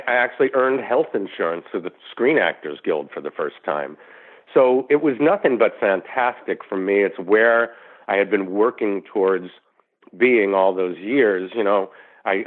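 Middle-aged man, low voice, rambling anecdotes, tinny phone-line sound. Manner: rambling, frequent "you know" restarts. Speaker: actor guest. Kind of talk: casual interview storytelling.

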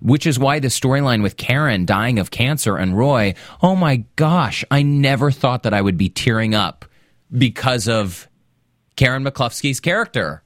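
A man co-hosting a casual podcast about a TV drama, animated and laughing easily. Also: mid-range voice, moderate pace, no room sound, clean studio sound. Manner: animated, laughs easily, acts out quoted lines. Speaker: podcast co-host. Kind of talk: casual TV recap chat.

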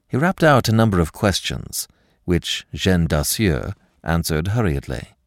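A man narrating a classic story as podcast host, expressive and measured in his storytelling. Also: deep voice, dry recording, clean studio sound.

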